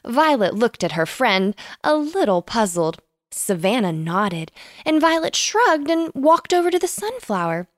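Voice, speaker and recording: A woman narrating a bedtime story in an animated, expressive way. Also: on the high side, unhurried, no echo, studio quality.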